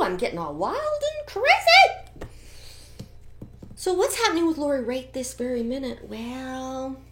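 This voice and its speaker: A middle-aged woman with a slightly higher voice talks through a tarot reading in a casual, gossipy way. She drifts into animated asides and opinionated commentary as she goes. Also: creaky. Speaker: tarot reader.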